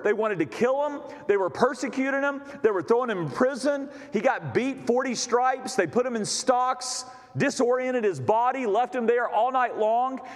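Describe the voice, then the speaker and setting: A man preaching a sermon as pastor, impassioned and dramatic, his voice rising and dropping as he reads and exhorts. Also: high voice. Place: church sanctuary. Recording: long reverb of a church hall.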